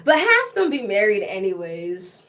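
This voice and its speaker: A flight attendant woman gossiping casually to the camera, animated and laughing between sentences, from a hotel room on a layover. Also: medium pitch, normal speed. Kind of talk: casual chatty storytime to camera.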